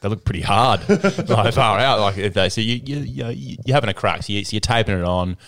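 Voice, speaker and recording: A man's voice: lowish voice, a little fast, creaky, fairly bright tone, dry recording. An Australian man hosting a casual chat, telling a story with lots of laughter and restarts. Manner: laughs through stories, rambling. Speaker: podcast host.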